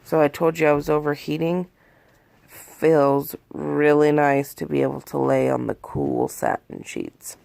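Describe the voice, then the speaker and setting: A woman's voice: deep voice, steady tone, measured pace, gravelly, a little mellow, no echo. A woman in her thirties talking from bed into a phone in a rambling, candid confessional vlog, shaky and worn out after a panic attack. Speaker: vlogger. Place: in bed in a bedroom at home.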